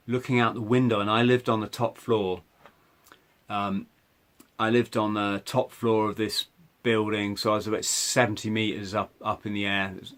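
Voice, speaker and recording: A man's voice: on the low side, fairly bright tone. A man hosting a podcast, telling a personal story conversationally, with restarts and frequent "right?" asides. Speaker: podcast host.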